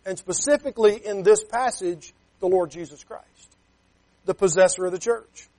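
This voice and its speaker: A man's voice: high-pitched, normal speed, a little mellow. A man preaching a sermon as a pastor. He talks emphatically, keeps checking with "Okay?", and reads scripture in King James wording.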